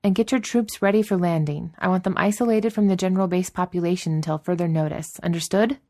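A woman's voice: on the low side, steady tone, fast, mellow, natural voice. A woman voicing a commanding female officer who barks clipped, authoritative orders. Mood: brisk.

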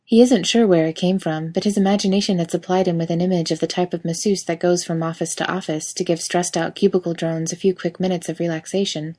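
Woman reading a story, wry and casual, kinda low voice. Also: fairly even intonation, quick pace, few pauses, a little mellow. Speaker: reader. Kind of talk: storytelling narration.

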